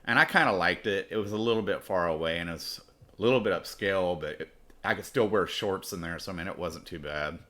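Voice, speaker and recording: A man's voice: low-pitched, brisk, fairly bright tone. A man telling a rambling, profane personal story as host of his podcast. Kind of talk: casual storytelling.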